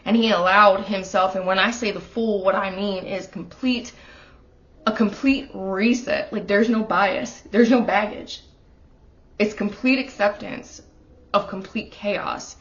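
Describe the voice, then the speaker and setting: A woman's voice: mid-range voice, fairly even intonation, measured pace, a bit bright. A woman doing a casual tarot reading in her apartment, speaking in a middle-range voice with a heartfelt, emotional manner. She talks straight to the listener, and the home recording sounds a little dull and lo-fi. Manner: earnest, emotional, talking straight to the viewer. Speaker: tarot reader.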